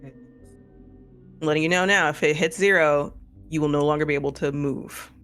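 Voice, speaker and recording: A man's voice: a little high, steady tone, normal speed, a bit bright. A man with a Missouri accent, narrating a tabletop horror game as game master in a casual, rambling way. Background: faint music.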